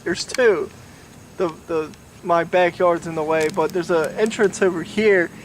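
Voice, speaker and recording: A man's voice: fairly high pitch, a little slow. A drunk young man rambling through a story, swearing and pointing out places to the camera. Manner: rambling, profane, tipsy. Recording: distant mic, faint noise.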